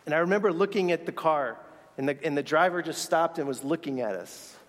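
An earnest man tells a reflective story from the pulpit, his voice sitting a little higher than most men's. He sometimes stumbles and restarts his words. The sound carries a long hall reverb. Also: fairly quick. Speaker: speaker sharing a faith story. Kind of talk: sermon storytelling.

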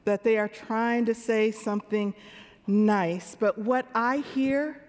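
A woman in her sixties speaks slowly in a high-leaning, darkish voice, preaching a sermon and talking with the congregation as if in conversation. The church recording carries the long reverb of a large hall.

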